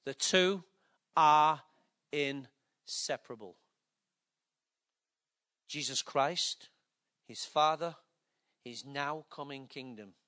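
Older man, preacher, high bright voice, emphatic sermon, loud then hushed. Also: drawn-out words, long pauses.

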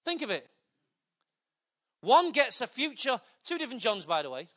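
High, bright-voiced older male preacher. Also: sing-song, moderate pace. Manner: emphatic, swings between loud and hushed. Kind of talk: sermon.

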